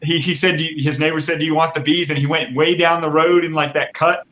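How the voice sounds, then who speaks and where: A man's voice: fairly high pitch, fairly even intonation, quick pace, a bit bright. Eager stammering man on muffled call. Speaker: guest beekeeper on a live chat. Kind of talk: casual chat.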